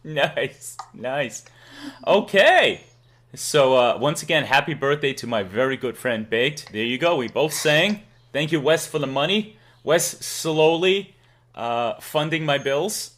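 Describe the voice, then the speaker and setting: A man's voice: on the high side, lively intonation, takes it slowly, fairly bright tone. Massachusetts guy streaming, laughs a lot, bouncy voice, reads donos. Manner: playful, laughs often, reads out donations. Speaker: streamer host. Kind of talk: casual live-stream chat.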